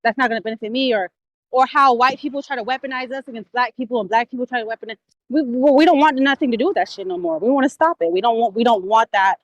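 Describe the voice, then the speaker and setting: A woman's voice: on the high side, no echo, highs cut off. A woman hosting a casual livestream discussion, talking emphatically and swearing freely. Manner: emphatic, profane, quick. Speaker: stream host.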